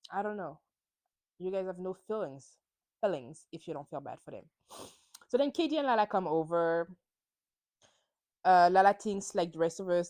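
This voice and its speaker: Animated woman recapping reality TV. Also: fairly low pitch, no echo. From France. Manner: opinionated and animated, acts out quotes. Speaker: podcast host. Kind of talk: solo recap chat.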